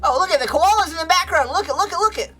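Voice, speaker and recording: A woman's voice: very high-pitched, expressive, racing, fairly bright tone, faint music behind. A woman streamer giving casual, playful commentary while playing a game. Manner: bubbly, playful.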